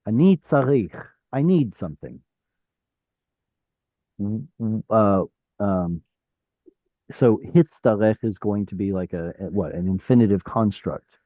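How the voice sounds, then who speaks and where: Fairly low-pitched but lively in intonation, a man runs a Hebrew class online at a measured pace, pausing often. He sounds out letters and corrects himself while explaining each step, and the video-call audio comes through dry, narrow and tinny.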